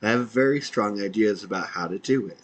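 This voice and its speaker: A man's voice: lowish voice, a little fast, dull audio. A man, an independent podcaster, reading out his own messages in a dry, matter-of-fact way.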